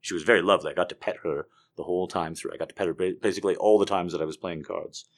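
A man's voice: deep voice, fairly even intonation, rapid-fire. A man delivering a rambling, profane comedic monologue as a podcast host.

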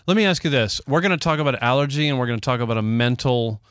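A man's voice: mid-range voice, expressive, quick pace, a bit bright, smooth, no echo. An older man co-hosting a recovery radio show in a studio, talking in a folksy, rambling way and asking leading questions. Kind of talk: casual recovery podcast chat.

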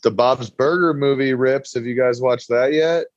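A man's voice: medium pitch, moderate pace, no echo. A man chatting casually as a podcast co-host, laid-back, dropping lots of "like" and the odd swear word. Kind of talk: casual chat. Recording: dull, slightly lo-fi sound.

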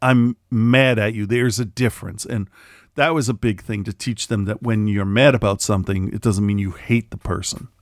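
A man's voice: on the low side, moderate pace, no room sound. Profane, ranting middle-aged man, dry sound. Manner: animated ranting, profane, mimics people in quotes. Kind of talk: casual chat.

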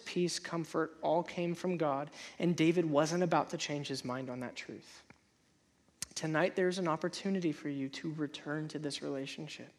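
A pastor preaching a sermon, repeating and restarting words, and jumping high in pitch to act out inner voices.

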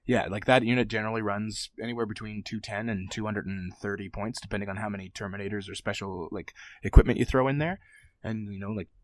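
A man from eastern Canada talks casually on a gaming podcast, his voice on the low side. The sound is dry and close. He speaks in a relaxed way, often trailing off with fillers. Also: fast talker, no room sound. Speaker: podcast co-host. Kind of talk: casual chat.

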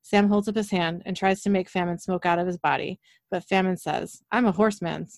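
A woman co-hosting a podcast, briskly retelling a TV episode scene by scene. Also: on the low side, steady tone, darkish tone, dry recording, studio quality. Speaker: podcast co-host. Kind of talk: recapping a TV episode.

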